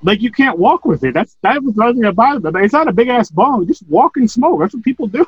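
A man's voice: very high voice, expressive, fast talker, husky, no echo. A man chatting casually about a movie, laid-back and swearing freely. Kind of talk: casual movie review chat. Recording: dry, dull lo-fi audio.

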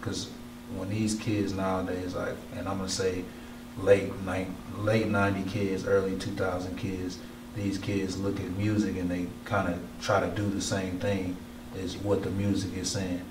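A man's voice: sits low, completely flat delivery, moderate pace, reverberant, far from the mic, background noise. A male podcast host asking rambling questions in a casual interview in an art gallery. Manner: rambling questions, lots of "right" and "like".

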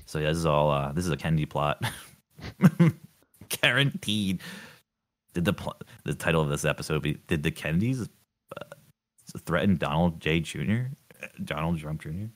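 A man in loose podcast chat, with a very low voice. He swears freely and laughs often as he talks. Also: lively intonation, moderate pace, pauses often. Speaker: podcast co-host. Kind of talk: casual chat.

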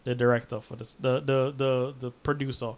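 At a medium pitch and normal speed, this man co-hosts a casual film podcast. He tells stories with lots of energy, acting out the voices of the people in them.

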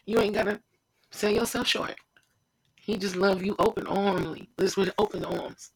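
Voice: medium pitch, steady tone, moderate pace, creaky, slightly rough, poor audio. A preacher giving an informal devotional sermon, fervent and repetitive, speaking straight to the listener.

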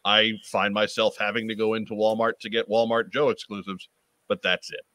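Bright-voiced man hosting a chat show. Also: on the low side, flat delivery, brisk, no echo. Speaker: podcast host. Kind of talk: casual chat on a live video call show.

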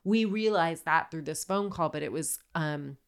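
A woman in her thirties co-hosting a podcast, telling a personal story in candid casual chat and acting out her own shouting. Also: low-pitched, normal speed, clear, resonant tone. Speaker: podcast co-host.

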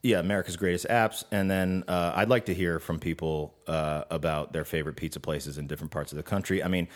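Deep-voiced easygoing man. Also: fairly even intonation, fast. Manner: easygoing, reasons things out aloud. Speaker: podcast co-host. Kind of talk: casual chat.

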